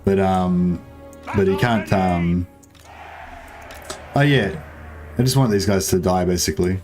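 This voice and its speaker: A young streamer chats his way through a strategy game, joking with viewers, rambling and occasionally swearing in casual let's-play style. He speaks unhurriedly in a low, slightly mellow voice, with soft music in the background.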